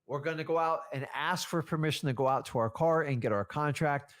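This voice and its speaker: Guy coaching real estate deals, lively, acts out what sellers say. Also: on the high side, brisk. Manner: animated, acts out seller conversations. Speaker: real estate wholesaling trainer. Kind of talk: casual coaching talk.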